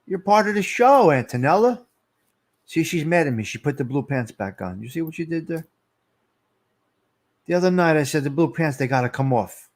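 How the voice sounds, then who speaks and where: A man's voice: on the high side, very animated, moderate pace, long pauses. A middle-aged man, rambling and teasing viewers by name as he hosts a casual live stream. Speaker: livestream host.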